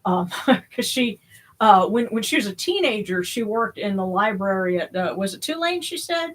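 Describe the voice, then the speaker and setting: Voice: medium pitch, animated, moderate pace, a bit bright, low-quality recording. Livestream host, casual and rambling, hesitant, plenty of fillers. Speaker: host of a religious livestream service.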